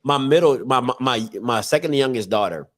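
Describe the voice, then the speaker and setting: A man in his thirties hosting a casual talk show, telling family stories with animated voices and frequent laughter. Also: mid-range voice, fairly quick. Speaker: podcast host. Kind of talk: casual storytelling.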